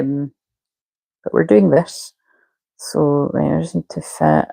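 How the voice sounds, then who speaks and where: A woman's voice: deep voice, steady tone, normal speed, gravelly, dark tone, no room sound, low-quality recording. A woman, a spiritual coach chatting casually on a live stream and muttering to herself while she fiddles with settings.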